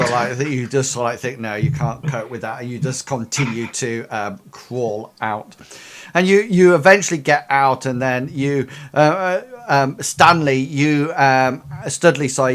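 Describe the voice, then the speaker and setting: A game master narrating a tabletop game in a rambling way, with many fillers and restarts. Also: medium pitch.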